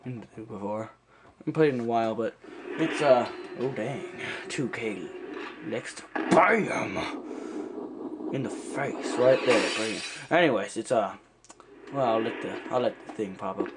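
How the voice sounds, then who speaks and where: A man's voice: medium pitch, a little slow, heavy background noise. A man giving rambling, playful commentary while he plays, joking around in put-on accents. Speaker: gameplay commentator. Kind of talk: casual let's-play commentary.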